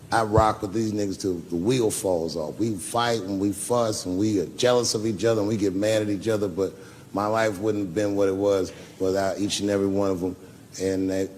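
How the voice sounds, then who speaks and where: A man's voice: fairly low pitch, darkish tone, slight background noise. A man performing a stand-up set in a small comedy club, telling stories in a profane, loose way. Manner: profane storytelling, gravelly.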